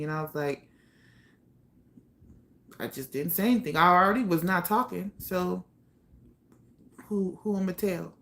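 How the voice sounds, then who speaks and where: Woman, low gravelly voice, hesitant personal storyteller, lots of pauses. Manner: halting, soft-spoken, trailing off with many pauses and sighs.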